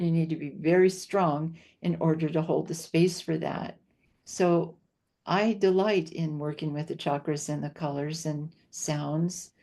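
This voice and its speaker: An older woman, a homeopath appearing as a podcast guest, speaks in a low, mellow voice during an interview conversation. She is earnest and reflective, repeating key phrases for emphasis.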